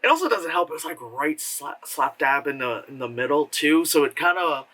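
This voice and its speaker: A man with a somewhat high, bright voice rambles through a casual film review. He swears freely, leans on lots of fillers, and slips into exaggerated voices to act out the characters. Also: lively intonation, normal speed, recorded from a distance, low-quality recording. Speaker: movie reviewer. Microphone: camera with a flash.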